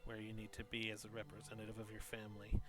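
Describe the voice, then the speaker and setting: A man narrating a tabletop game as game master, with a relaxed way of talking full of ums and restarts. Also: on the low side, fast talker, over loud music. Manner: relaxed, filler-heavy narration with many ums.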